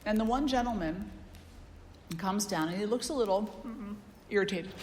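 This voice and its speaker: A woman spiritual teacher giving a satsang talk, a lively storyteller who acts out the people she quotes. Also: mid-range voice, a little slow, background noise. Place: yoga ashram hall. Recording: roomy hall with long echo.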